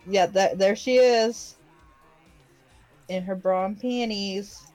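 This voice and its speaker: A woman's voice: mid-range voice, slow pace, darkish tone, faint music behind. Giggly young woman rambling casually. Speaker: podcast co-host recapping an anime. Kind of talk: casual chat.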